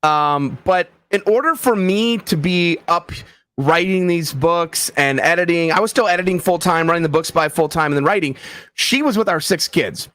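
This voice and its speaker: As an interview guest, an author who founded a book site chats casually and tells anecdotes, acting out quoted voices with lively energy. His voice is a little high for a man and comes at normal speed, with a dry, close recording.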